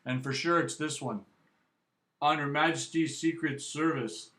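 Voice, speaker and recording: Chatty Canadian man, bright voice. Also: on the high side, steady tone, unhurried, roomy sound. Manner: chatty, rambling, frequent "eh" and "right". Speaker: music vlog host. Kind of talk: casual vinyl review.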